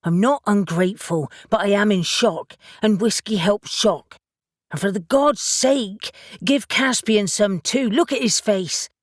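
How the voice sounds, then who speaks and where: A woman's voice: mid-range voice, unhurried, no echo, clean studio sound, lightly acted. A woman reading the part of a stubborn young man who grumbles and swears in an audiobook. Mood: grumbling.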